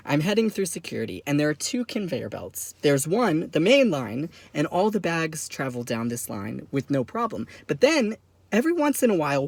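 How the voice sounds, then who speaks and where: A young man performing a stand-up story, acting out other people's voices and swinging from hushed to loud. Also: on the high side, dry recording. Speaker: stand-up comedian.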